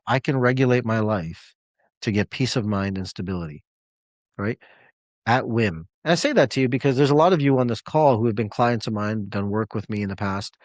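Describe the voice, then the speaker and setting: A man's voice: mid-range voice, dry recording. A man coaching clients on a live call, telling a story in an emphatic, conversational way.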